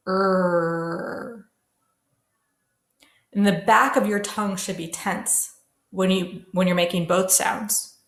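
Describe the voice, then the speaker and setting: A woman teaching a classroom pronunciation lesson, modelling sounds slowly and carefully for students to repeat. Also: mid-range voice. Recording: echoey room.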